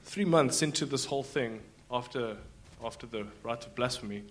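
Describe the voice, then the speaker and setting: A man tells his personal story in front of a church congregation, speaking into a stage microphone. He talks haltingly, with plenty of fillers and restarts. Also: medium pitch, slight background noise. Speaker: guest giving a testimony.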